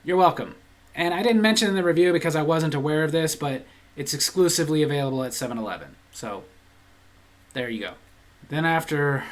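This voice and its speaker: A man reads out viewer comments and answers them with dry, deadpan humor. His pitch swings widely as he hams up the longer comments, then drops flat for the punchlines. It's casual, jokey channel chat. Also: a little fast. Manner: laughs at his own jokes.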